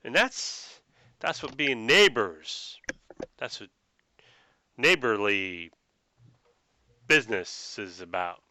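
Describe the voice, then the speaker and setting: A man voicing a suspicious, tipsy old rural farm woman who rambles in a folksy, gruff way about meddlers. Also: medium pitch, big pitch swings, slow pace, pauses often, pushed and bright, a little hiss or hum, full character voice. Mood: dismissive. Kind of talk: tabletop role-play voice.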